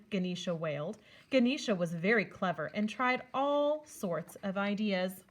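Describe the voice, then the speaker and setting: A woman on a school's staff reading a children's picture book aloud with expressive storytelling. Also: medium pitch, moderate pace.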